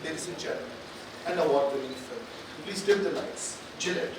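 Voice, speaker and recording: A man giving a live stage talk and drawing out the audience, energetic and coaxing, repeating phrases for emphasis. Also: on the high side, fairly quick. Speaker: motivational speaker addressing an audience. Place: large conference hall. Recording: echoey hall, distant, background noise.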